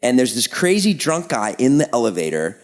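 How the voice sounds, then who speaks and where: A man's voice: medium pitch, fairly quick. A man co-hosting a podcast, telling a story in casual chat and acting out what other people said. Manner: animated storyteller, acts out other people's lines. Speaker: podcast co-host.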